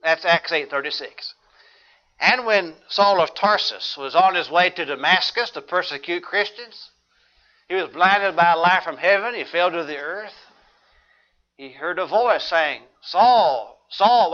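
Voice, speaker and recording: Brief: male preacher, measured and earnest, bright tone, lo-fi sound. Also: on the high side. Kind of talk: sermon. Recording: dull lo-fi recording.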